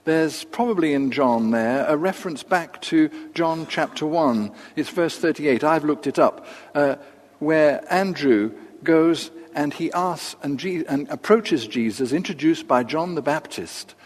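An older man preaching a sermon, measured and unhurried, with pauses and asides. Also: a little high. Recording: long reverb of a large hall.

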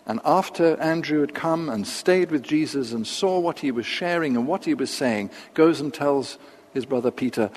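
An older man preaching a sermon, measured and unhurried, with pauses and asides. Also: mid-range voice, darkish tone. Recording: long reverb of a large hall.

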